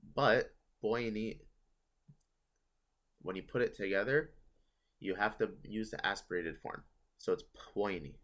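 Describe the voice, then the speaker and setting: A man's voice: on the low side, a bit bright. A man teaching a casual online grammar lesson, explaining step by step and correcting himself as he goes. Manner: explains step by step, self-correcting, thinking aloud. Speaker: language teacher.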